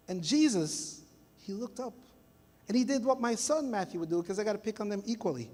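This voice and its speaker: A middle-aged pastor from Jamaica preaching with a high, bright-edged voice. He tells stories with energy and slips into voices of the people in them. His voice rings out with long reverb from the church hall. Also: quick pace. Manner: storytelling, animated, acts out family voices. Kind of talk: sermon. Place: church sanctuary.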